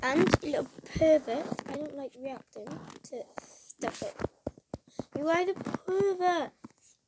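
A woman's voice: high-pitched, lively intonation, takes it slowly, heavy background noise. A woman hosting a reaction video, talking in a dramatic, exclaiming and outraged way. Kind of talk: reaction commentary. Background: music playing.

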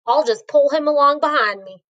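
A woman's voice: high-pitched, moderate pace, fairly bright tone, dull audio. Woman doing an easygoing cowboy. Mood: steady. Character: calm old-west cowboy man.

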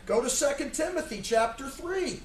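A man pastor preaching a sermon, emphatic and full of rhetorical questions, at times shouting. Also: very high voice, expressive, normal speed, slight background noise. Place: church sanctuary. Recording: echoey church room from far off.

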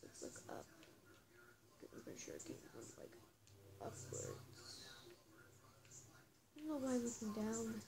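A woman's voice: fairly high pitch, wildly swooping pitch, unhurried, vocal fry, pauses often. Nervous young woman playing a game. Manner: nervous, talks straight to viewers as "guys". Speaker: gaming vlogger. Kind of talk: casual gameplay commentary. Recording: music playing under the voice.

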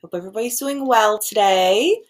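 A woman preschool teacher giving a gentle, expressive lesson to young children, acting out each feeling as she names it. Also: mid-range voice, moderate pace. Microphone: video recording.

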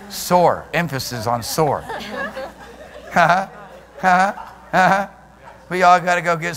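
A man preaching a sermon as pastor, animated and laughing often, swinging from quiet murmurs to loud shouts. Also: high-pitched. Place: church sanctuary. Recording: long hall reverb.

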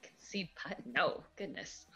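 A woman's voice: fairly low pitch, animated, takes it slowly, a bit bright, soft background music. A woman, a pro golfer, chatting and laughing a lot while playing an online match. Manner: giggly, chatty, self-deprecating. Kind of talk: casual chat during a game.

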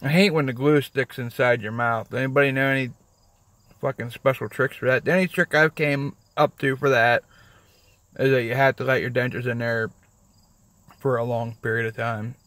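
A man's voice: mid-range voice, steady tone, normal speed, fairly bright tone, dry recording. A man rambling on his vlog from his parked car, swearing often and mocking himself. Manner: rambling, profane, self-mocking. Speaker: vlogger. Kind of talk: casual vlog talk.

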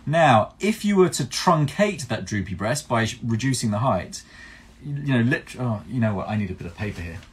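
A man's voice: medium pitch, very animated, moderate pace, husky. A man working as a plastic surgeon, answering viewer questions in a chatty live-stream Q&A. He explains step by step, thinks aloud with restarts, and pokes fun at himself.

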